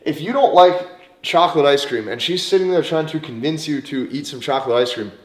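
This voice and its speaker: A man coaching his listeners in a direct, emphatic monologue, his voice sitting a little high for a man. He leans on drawn-out words and deliberate pauses to press his points. The room around him rings with a noticeable echo. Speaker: dating coach. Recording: roomy echo.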